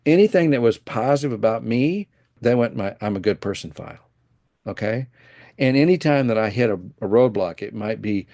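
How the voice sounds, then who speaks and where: A man with a rough, gravelly voice tells stories as a guest on a podcast, acting out the dialogue with lively energy. The sound is dry and close. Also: lowish voice, fairly quick, dry recording. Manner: animated storyteller who acts out quoted dialogue. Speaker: guest, financial planner and former coach. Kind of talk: casual storytelling in a podcast interview.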